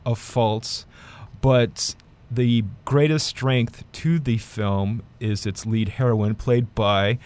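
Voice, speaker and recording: A man's voice: mid-range voice, a little mellow. Guy critic rambling thru a movie review, lots of uhs. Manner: rambling, many fillers and restarts. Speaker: film critic. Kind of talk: casual film review chat.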